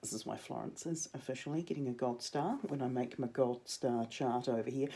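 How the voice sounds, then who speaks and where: A woman's voice: extremely low pitch, a little fast, hardly any pauses, mellow. Chatty New woman teaching drama. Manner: chatty, jokey asides. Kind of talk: casual video lesson to students.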